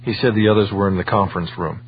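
Low-voiced man narrating an audiobook. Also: steady tone, fast, husky, lo-fi sound.

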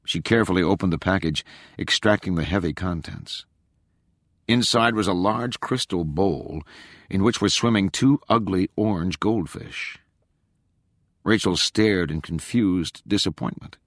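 A man narrating an audiobook in a measured, expressive way. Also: deep voice, no echo, clean studio sound.

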